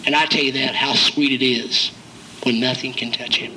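A man's voice: medium pitch, steady tone, moderate pace, pushed and bright, a little hiss or hum, poor audio. An older man, a pastor, preaching a folksy sermon, cracking jokes and acting out quotes from his flock. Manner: folksy, jokey preaching with acted-out quotes and chuckles.

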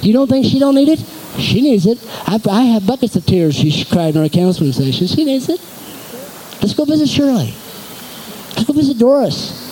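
A man preaching a sermon as pastor to his congregation, animated and exhorting, in a church. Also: extremely high pitch, moderate pace, slight background noise, poor audio.

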